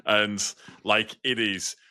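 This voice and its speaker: Low bright-voiced uk bloke, blunt and sweary, chatting on a podcast. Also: male voice, little pitch movement, slow. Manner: blunt, sweary, laughs often. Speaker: podcast co-host. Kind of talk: casual chat.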